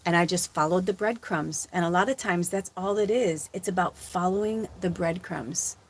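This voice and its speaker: A woman in her forties from Illinois, a spiritual medium telling her life story in a casual live stream, animated and swearing as she acts out what she said. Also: on the low side, moderate pace. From Illinois, USA.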